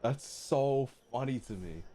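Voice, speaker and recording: A young man live streaming his reactions, excitable and laughing often, repeating lines that amuse him. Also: medium pitch, unhurried.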